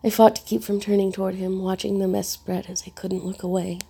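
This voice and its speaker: A woman reads a first-person story in a hushed, intimate delivery. Her voice has a heavy gravelly fry and a husky, breathy edge. The tone is dark and mellow. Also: medium pitch, level tone, fairly quick. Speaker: narrator.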